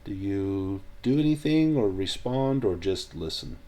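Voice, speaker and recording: A man narrating a tabletop horror game as game master, measured and descriptive, with frequent restarts. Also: low-pitched, expressive, mellow.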